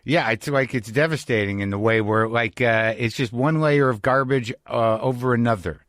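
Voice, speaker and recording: His voice medium-pitched and a bit bright at a normal speed, a man hosting a podcast reflects candidly through a casual monologue and interview, restarting sentences often. The studio sound is clean, without echo.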